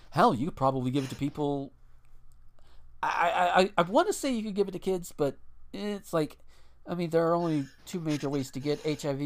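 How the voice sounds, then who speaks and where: A man chats on a podcast, his voice swooping up and down as he rambles. He swears freely and restarts his sentences often, moving between loose talk and reading out news. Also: mid-range voice. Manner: rambling and profane, with frequent restarts and fillers. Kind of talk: casual chat.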